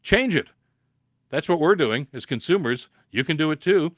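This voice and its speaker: A man's voice: on the high side, animated, brisk, no room sound. Impassioned Canadian man, dry close sound. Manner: impassioned, repeats words, rising to emphatic peaks. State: recovering from a cold, dry throat. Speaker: podcast host reading viewer comments. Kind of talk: live political call-in commentary.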